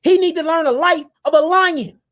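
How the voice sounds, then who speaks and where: A host with a very high-pitched, fairly bright voice delivers a fiery, impassioned lecture to his viewers at a moderate pace. He rants, repeats himself, and calls his audience "family" and "y'all."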